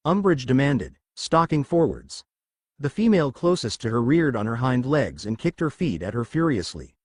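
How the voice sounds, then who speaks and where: A man narrating a humorous fan fiction story in a lively reading voice. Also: mid-range voice, brisk, no echo.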